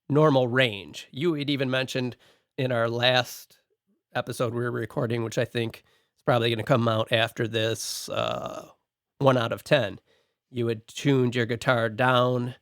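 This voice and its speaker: A medium-pitched man, a podcast co-host and song producer, works methodically through his notes point by point in a relaxed, casual podcast discussion. The recording is close and dry, with no room sound.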